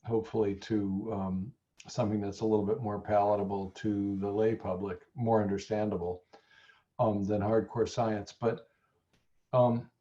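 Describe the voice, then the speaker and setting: A man being interviewed as a nutrition scientist, talking in a thoughtful, halting way with a lozenge in his mouth. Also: on the low side, little pitch movement, dark tone, muffled recording. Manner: thoughtful, stammers on restarts. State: talking around a throat lozenge. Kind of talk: conversational interview.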